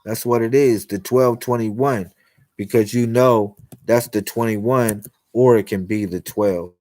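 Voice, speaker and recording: In a dry recording, a young livestream host preaches to his viewers about God and miracles in a loose, slangy, repetitive way. His lowish voice is warm and steady, and he never hurries.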